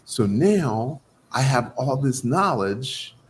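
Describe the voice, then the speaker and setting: A man's voice: mid-range voice, slow pace, slight background noise. A man, a guest doctor of Chinese medicine, telling his story in an interview and acting out the dialogue in it. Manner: animated, acts out quoted dialogue.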